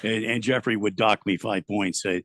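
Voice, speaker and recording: A man hosting sports talk radio in a loose, self-deprecating way, with a gravelly, always sore-throated voice. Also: on the low side, fairly even intonation, normal speed, fairly bright tone, dry recording. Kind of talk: casual radio banter. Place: radio studio. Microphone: studio mic.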